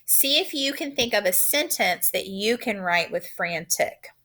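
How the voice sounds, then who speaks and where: A woman teacher giving a recorded phonics lesson to young children, sounding out letters slowly, clearly and patiently. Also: mid-range voice, lively intonation, bright, forceful tone.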